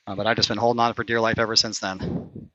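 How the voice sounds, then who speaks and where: A man talks his way through his own round on an outdoor course, calling each shot and getting openly frustrated when putts miss. His voice is bright and a little tense. The stream audio sounds dull and lo-fi. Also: lowish voice, flat delivery, fast, slight background noise. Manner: competitive, frustrated, swearing after bad shots. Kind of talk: casual play-by-play while playing. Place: outdoor mini golf course.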